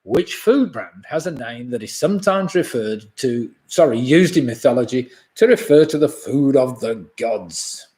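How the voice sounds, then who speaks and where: A man's voice: mid-range voice, lively intonation, unhurried, hardly any pauses, mellow. A man in his sixties hosting a live online pub quiz. He reads each question twice and chuckles at his own jokes. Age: 60s.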